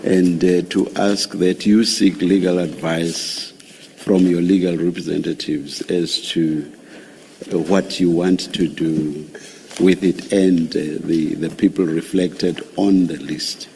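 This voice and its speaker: An older man chairing a formal hearing, speaking in a measured way with hesitant pauses. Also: low-pitched, steady tone, gravelly, mellow, a little hiss or hum, rough recording. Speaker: commission chair.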